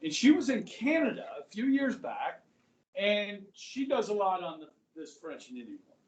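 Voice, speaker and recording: A middle-aged man teaching a high school history class, chatty, quizzing students and saying "okay" often. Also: sing-song, normal speed, a little mellow, highs cut off. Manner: conversational, asks the class questions, frequent "okay". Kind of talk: classroom lecture. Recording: echoey room, voice from far off.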